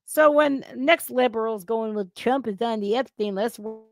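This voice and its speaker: A woman's voice: a little high, normal speed. Heated, blunt woman commentator. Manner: blunt, heated, swearing, with sudden outbursts. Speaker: political commentary host. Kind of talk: casual reaction commentary.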